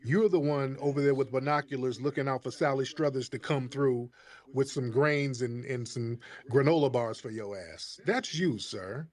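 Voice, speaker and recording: A man's voice: medium pitch, moderate pace, darkish tone. Call-in host, man, combative and mocking, mid-range voice. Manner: combative, mocking, talks over the caller. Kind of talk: heated call-in debate.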